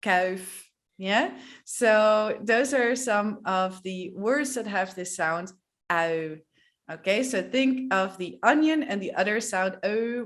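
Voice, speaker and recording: A woman with a Dutch accent, a native Dutch speaker, teaching pronunciation in a playful, demonstrative way and repeating example words slowly. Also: mid-range voice. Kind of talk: pronunciation lesson to camera.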